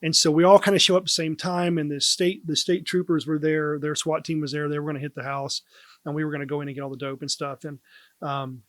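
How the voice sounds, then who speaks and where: Man, raised voice, dry close sound, animated anecdote, laughing at times. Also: fairly high pitch, fast, no echo. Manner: animated, laughs while telling. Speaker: guest, former police officer. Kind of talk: casual storytelling.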